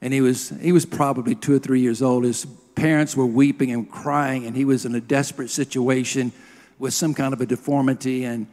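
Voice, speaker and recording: A middle-aged man preaching a sermon, telling personal stories earnestly and sinking to a hushed voice at tender moments. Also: mid-range voice, steady tone, fairly quick. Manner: earnest storytelling, drops to a hush at emotional moments. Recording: long hall reverb.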